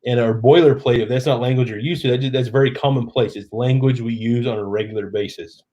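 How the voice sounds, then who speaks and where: A man's voice: mid-range voice, fairly even intonation, fast, dark tone, highs cut off. A middle-aged man from Oklahoma with a Southern accent, a bit tipsy, hosting a casual late-night live stream from home and reading viewer comments aloud. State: tipsy from drinking.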